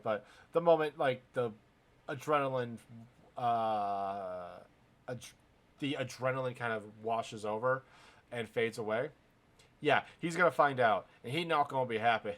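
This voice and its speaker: A male host calls wrestling action in a loose, casual play-by-play. He gets excited easily and swears without a second thought. He often turns to address his chat and the audience directly. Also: medium pitch, normal speed. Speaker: wrestling commentator hosting a recap stream.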